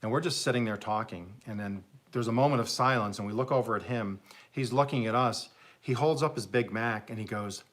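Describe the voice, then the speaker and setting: A man's voice: fairly low pitch, a little fast, fairly bright tone. A man hosting a live stream, casually telling jokes as a rambling, chuckling storyteller. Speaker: livestream host.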